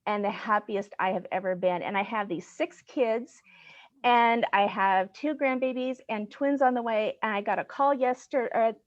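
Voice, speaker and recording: A middle-aged woman, a guest on the show, telling her personal story in an earnest, excitable way, at times close to tears, over a video call. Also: fairly high pitch, moderate pace, dry recording, dull audio. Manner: earnest, excitable, gets choked up. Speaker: guest, business owner. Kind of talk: emotional personal story in a casual chat.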